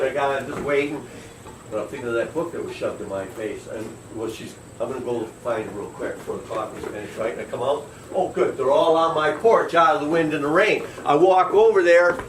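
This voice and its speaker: A man's voice: medium pitch, roomy sound, distant mic, a little hiss or hum, low-quality recording. A man who works as a boat captain, telling a long story in a folksy, conversational way and acting out the quotes. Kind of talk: live storytelling.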